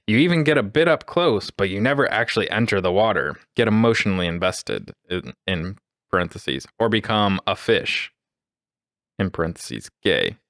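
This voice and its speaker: A man with a fairly low voice reads a story aloud on a podcast. His delivery is dry and measured, and the recording is close and dry. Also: big pitch swings, a bit bright, no room sound. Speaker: podcast co-host reading stories.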